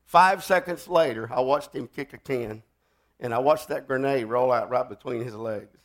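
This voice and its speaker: An older man preaching a sermon, telling a war story with loud outbursts that drop to a hush. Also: medium pitch, fairly even intonation, normal speed. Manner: dramatic storytelling, swings from loud outbursts to hushed.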